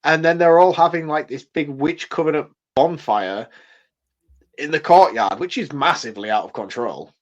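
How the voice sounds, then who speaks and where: A man with a fairly high voice banters bluntly and laughs often as a podcast co-host. His sound comes through a little dull and muffled. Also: normal speed. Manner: laughs a lot, jokey and blunt. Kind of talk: casual chat.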